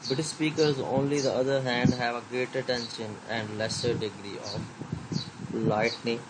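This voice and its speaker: A man giving a recorded slide lecture, reading haltingly with many fillers and switching into Hindi to explain. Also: medium pitch, steady tone, very noisy.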